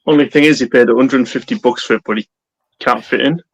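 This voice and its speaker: A man's voice: medium pitch, quick pace, highs cut off. Wry man with an English accent. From England. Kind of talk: casual chat.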